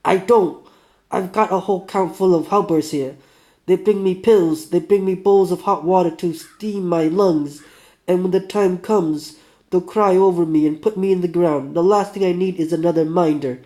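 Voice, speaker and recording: A man voicing a bitter, sickly male metalworker under forty in a put-on Russian accent, loud and snappish. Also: high voice, steady tone, normal speed, pitched above the performer's own voice, lightly acted. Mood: hostile. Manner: snappish, raised, belligerent.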